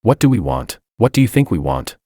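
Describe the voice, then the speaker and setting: A man's voice: on the low side, big pitch swings, brisk, mellow, no echo, clean studio sound. A man voicing a sneering burly thug. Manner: sneering, crude. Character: brash burly male hired thug.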